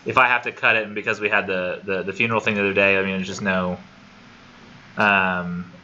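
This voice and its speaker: A man's voice: sits low, level tone, a little fast, bright, forceful tone, muffled recording, slight background noise. A man teaching a college literature class in a casual, rambling, self-deprecating way, in a classroom on a camera mic. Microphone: classroom computer camera for remote students.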